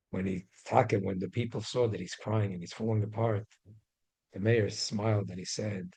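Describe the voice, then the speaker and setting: A man's voice: fairly low pitch, fairly even intonation, unhurried, darkish tone, slightly rough, low-quality recording. A man teaching a religious class in a casual storytelling way, chatty, with many restarts and Hebrew and Yiddish terms mixed in.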